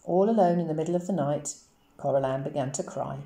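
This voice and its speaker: A woman teacher reading a novel aloud to her class for a lesson, in a slow, expressive storytelling manner. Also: deep voice. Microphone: camera. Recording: roomy echoey recording.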